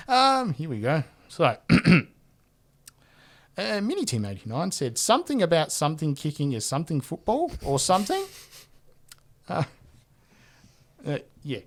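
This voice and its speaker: A man hosts a laid-back podcast, reading listener feedback aloud. His pitch swings widely and he laughs easily. He swears casually and talks in a relaxed, chatty way. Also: a little slow, long pauses. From Australia. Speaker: podcast host.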